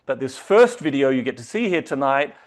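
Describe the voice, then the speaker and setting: A man hosting a company video call, hyping the guest with excitable introductions. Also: medium pitch, a little fast. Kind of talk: enthusiastic online meeting hosting.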